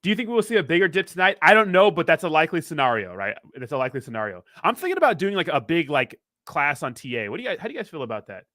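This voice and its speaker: A man chats loosely on a livestream, rambling and joking as he answers viewer comments. His voice sits a little high for a man, and the sound is close and dry, with no room echo. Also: big pitch swings, racing, hardly any pauses, sharp tone. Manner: rambling, joking, reads chat aloud. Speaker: crypto livestream host. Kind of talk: casual livestream chat.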